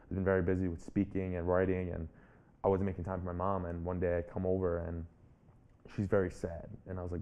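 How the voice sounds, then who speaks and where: Low, gravelly, earnest young man. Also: monotone, a little fast, phone-quality sound, slight background noise. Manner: earnest and reflective, restarts phrases often. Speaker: guest, public speaker and author. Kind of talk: personal storytelling in an interview.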